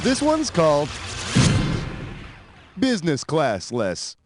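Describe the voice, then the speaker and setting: A man's voice: on the high side, wildly swooping pitch, slow. A man hosting a quiz game in a scripted, wisecracking, sarcastic style. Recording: loud music under the voice.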